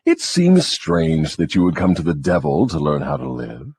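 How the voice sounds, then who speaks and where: A man's voice: sits low, huge pitch swings, moderate pace, creaky, darkish tone, slightly rough, dry recording, heavily acted. A man voicing a scornful, cunning devil who gloats and lectures in a mocking audiobook dramatization. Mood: lecturing.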